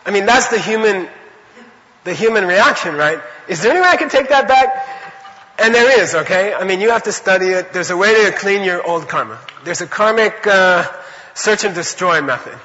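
A man giving an animated, conversational Buddhist teaching to a class, often checking in with his listeners. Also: sits high, moderate pace, big-room sound, lo-fi sound. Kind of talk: dharma lecture to a class.

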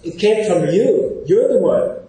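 A man giving an informal, animated lecture, often pausing to check in with his class. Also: high-pitched. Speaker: teacher. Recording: very echoey room.

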